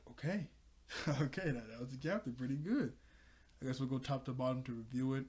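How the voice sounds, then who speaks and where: A man hosting a laid-back comic reaction, talking through the chapter panel by panel. He rambles, corrects himself often and fills gaps with ums and little laughs. His voice sits at an ordinary middle pitch for a man. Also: fairly quick, a little mellow. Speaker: manga reaction host. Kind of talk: casual recap and review.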